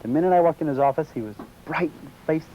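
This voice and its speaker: A man's voice: on the high side, fairly quick, slight background noise. A man, interviewed, recounting a personal story at length and acting out the dialogue of the people in it. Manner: storytelling, acts out quoted dialogue. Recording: dull lo-fi recording.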